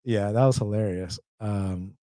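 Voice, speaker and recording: A man's voice: fairly low pitch, unhurried, mellow, no echo, clean studio sound. A man with an Atlanta accent hosting a live stream, reading chat questions and answering them in a blunt, casual, slangy way. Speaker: host.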